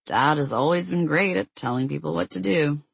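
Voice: medium pitch, moderate pace, gravelly, husky, no echo. A narrator doing Theo, a sardonic, dramatic teenage boy. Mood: wry.

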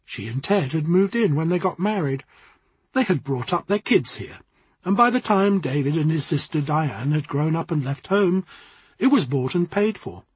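A man reading a story aloud in an expressive, wry narration. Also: a little high, moderate pace, breathy edge, no room sound.

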